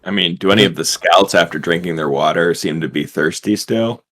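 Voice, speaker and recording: A man playing in a tabletop game, talking in a relaxed way with lots of fillers. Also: low voice, a little fast. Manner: relaxed, filler-heavy speech. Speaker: player. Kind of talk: casual tabletop game play.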